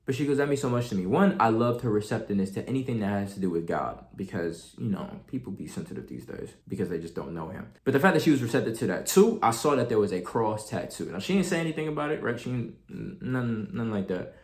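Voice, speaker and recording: Animated young man telling a story. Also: fairly low pitch, fast talker, few pauses. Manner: animated, slangy, acts out quotes. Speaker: vlogger. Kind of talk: casual storytelling to camera.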